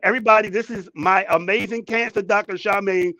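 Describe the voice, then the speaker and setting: A man co-hosting a talk show, telling a story with excitement and repeating his words. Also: high voice, fairly quick, highs cut off. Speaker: co-host. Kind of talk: casual talk show chat. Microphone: headphones, studio mic.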